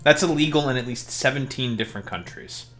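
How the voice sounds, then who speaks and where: A man's voice: mid-range voice, a little fast, fairly bright tone, faint music behind. A man streaming while he plays a game, chatting casually in joking, profane rants. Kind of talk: casual gameplay chat.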